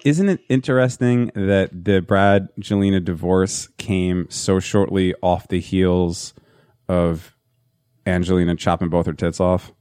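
A man co-hosting a podcast, chatting casually in an excitable, gossipy way with plenty of swearing. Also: low voice, measured pace, clean tone, no room sound, clean studio sound. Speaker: podcast co-host. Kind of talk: casual chat.

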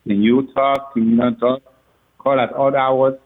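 A father telling a story on the phone, animated and laughing often as he acts out what people said. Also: medium pitch, measured pace. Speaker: father of a recruit. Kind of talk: phone interview. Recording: tinny phone line.

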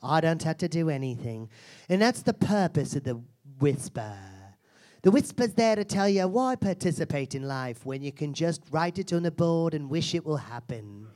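A crude, foul-mouthed self-help seminar guru in a live comedy act, a man putting her on. She mocks and insults her audience with theatrical scorn, in a voice pitched a touch higher than usual. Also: lively intonation, normal speed, darkish tone, natural voice. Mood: brash. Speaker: comedian performing a character. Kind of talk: live stand-up character act.

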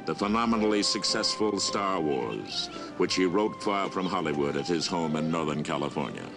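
Male narrator, low and gravelly, formal archival delivery over music. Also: expressive, normal speed. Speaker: documentary narrator. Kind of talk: scripted narration.

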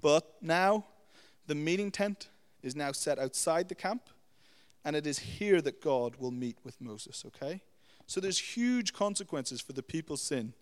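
A young adult man delivers an animated sermon, his voice pitched slightly above the usual male range. Long reverb trails behind each phrase, as in a big hall. He teaches conversationally, tossing in "you know" and "okay?". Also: a little slow. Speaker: preacher.

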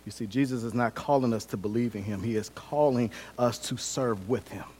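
A man's voice: medium pitch, brisk, a little mellow, a little hiss or hum. A man preaching a sermon as pastor, conversational and humorous, acting out scenes and repeating his key points.

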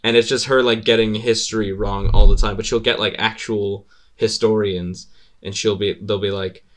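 A man with a fairly low voice chats loosely on a podcast. He rambles through stories, swears freely and laughs often as he goes. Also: flat delivery, moderate pace. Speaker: podcast host. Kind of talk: casual podcast chat.

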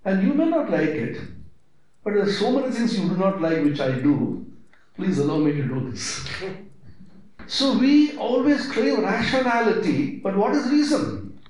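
A man giving a spiritual discourse, asking rhetorical questions and stressing his points. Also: normal speed. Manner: emphatic, rhetorical questions, lively swings in pitch. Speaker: spiritual teacher. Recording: very echoey hall.

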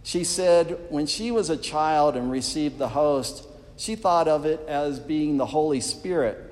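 A man's voice: fairly high pitch, measured pace, darkish tone. A man preaching a sermon in a church, speaking earnestly and addressing the congregation directly. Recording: long reverb of a church hall.

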